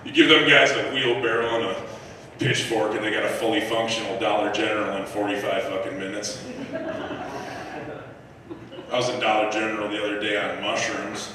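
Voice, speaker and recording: A man performing a profane, animated stand-up set on a live comedy club stage, acting out voices and shouting punchlines. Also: fairly low pitch, quick pace, background noise. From United States. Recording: echoey club room recorded from a distance. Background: audience laughter.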